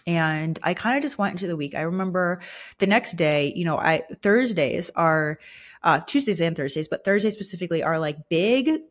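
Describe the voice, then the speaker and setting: A woman's voice: lowish voice, animated, normal speed. A young woman hosting a personal podcast, speaking candidly and vulnerably with many fillers, emotional and close to tears. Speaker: podcast host. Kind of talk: personal reflective monologue.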